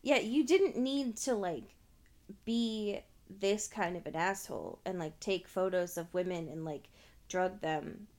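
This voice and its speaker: A woman's voice: medium pitch, unhurried, darkish tone. A young woman co-hosting a podcast, chatting casually with dry, sarcastic asides. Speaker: podcast co-host. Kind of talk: casual chat recapping a TV show.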